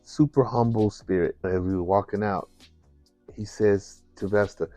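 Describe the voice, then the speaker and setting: A man, a musician, telling a personal story in an animated way, acting out the voices of the people in it. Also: lowish voice, unhurried, no echo, soft background music. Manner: animated, acts out voices, laughs while telling.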